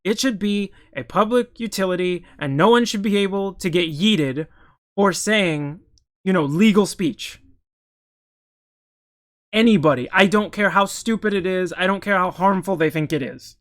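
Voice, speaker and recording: Speaking at a moderate pace, a man whose voice is notably high-pitched comments casually on politics while reacting to news. His takes are heated and opinionated, and he often cuts himself off to begin sentences again.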